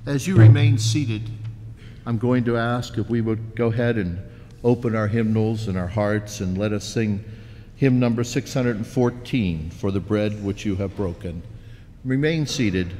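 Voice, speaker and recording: A man's voice: medium pitch, unhurried, dark tone, a little hiss or hum. A man pastor giving a sermon in a folksy storytelling manner, in a church sanctuary. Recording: long church reverb.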